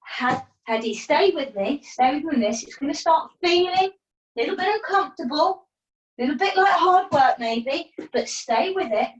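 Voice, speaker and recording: A woman teaching a yoga class from home over a video call, giving calm breath cues with playful asides. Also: high voice, moderate pace, dull audio. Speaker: yoga instructor. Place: at home, partner downstairs. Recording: roomy, distant from the mic.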